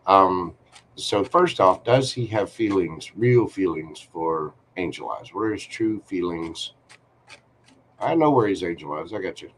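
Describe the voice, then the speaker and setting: A man's voice: low-pitched, lively intonation, a little hiss or hum. A man giving a live-streamed tarot reading, talking to the viewer in a chatty, reassuring way. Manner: slow, chatty, reassuring, talks to viewer directly. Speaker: tarot reader.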